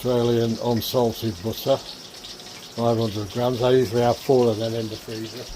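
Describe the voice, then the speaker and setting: Cooking at home, a man chats casually to his viewers and calls them folks. His mid-range voice is flat and moderately paced, and the sounds of frying and running tap water fill the background of this cooking vlog.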